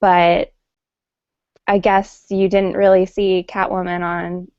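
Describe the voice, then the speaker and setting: A woman's voice: on the low side, flat delivery, slow, darkish tone, dry recording. A woman chatting casually about comics on a video call, giving rambling, hesitant opinions. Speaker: panelist. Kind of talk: casual chat. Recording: dull lo-fi online call.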